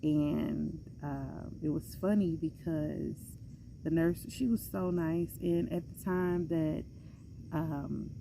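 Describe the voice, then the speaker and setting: A young adult woman telling a personal story in a chatty, animated way, slipping into other voices when she quotes people. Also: low-pitched, a little hiss or hum. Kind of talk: casual storytime monologue.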